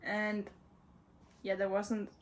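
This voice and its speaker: A woman's voice: mid-range voice, very slow, rough recording. Chatty young woman vlogging outdoors. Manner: chatty, relaxed, talks while walking and moving. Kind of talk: casual vlog narration. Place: outdoors in the sun. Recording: outdoor noise behind.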